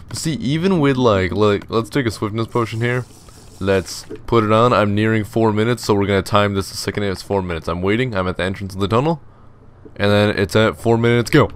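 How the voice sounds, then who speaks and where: Chatty young man, low voice, rambling. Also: brisk, slight background noise. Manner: chatty, rambling, self-mocking, mimics commenters in silly voices. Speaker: gaming video host. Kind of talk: casual let's-play commentary.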